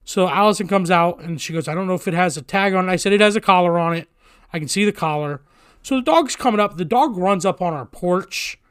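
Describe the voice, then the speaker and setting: A man with a high voice tells a story in a casual, heavily profane way, voicing everyone in it with animated energy. The sound is dry and close to the mic, with no room around it. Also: brisk, smooth, no room sound.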